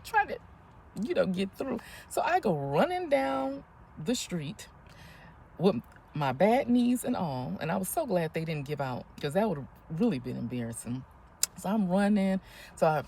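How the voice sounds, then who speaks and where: A woman in her fifties telling a story in a casual, animated vlog, often breathless and laughing as she talks. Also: lowish voice, normal speed, gravelly, slight background noise. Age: 50s. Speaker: vlogger.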